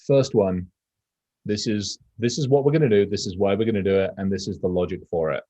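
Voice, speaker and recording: A man's voice: on the low side, fairly quick, no echo. A man co-hosting a casual podcast, rambling and profane, acting out quotes as he talks. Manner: rambling, profane, animated storytelling. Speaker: podcast co-host.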